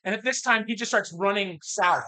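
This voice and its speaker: A man co-hosting a podcast, telling a story in casual chat and acting out the quotes with big swings in voice. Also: brisk. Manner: animated, acts out quotes with big jumps in pitch and loudness. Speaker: podcast co-host. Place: bar or lounge.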